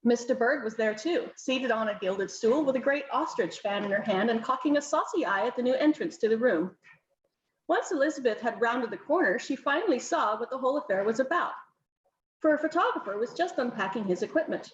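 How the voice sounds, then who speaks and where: A woman's voice: fairly high pitch, animated, brisk, reverberant, lo-fi sound. A woman author reading her own novel aloud in an informal, non-professional way. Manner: informal, self-correcting reading.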